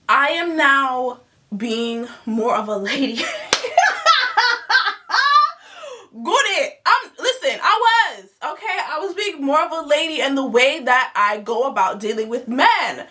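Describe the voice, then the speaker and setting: Animated high-voiced woman telling a story. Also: recorded from a distance. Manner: animated and dramatic, laughing, dropping to whispers for asides. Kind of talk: casual storytelling to camera.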